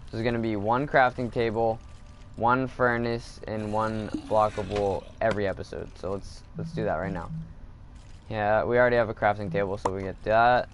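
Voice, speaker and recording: A man's voice: lowish voice, slight background noise. A man casually commenting while he plays a video game, thinking aloud and getting annoyed at the game. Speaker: gaming video host.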